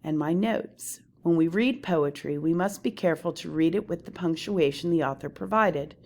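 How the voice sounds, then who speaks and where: A woman teacher talking through lecture slides on poetry, explaining terms in a slow, deliberate way. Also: on the low side, a little mellow.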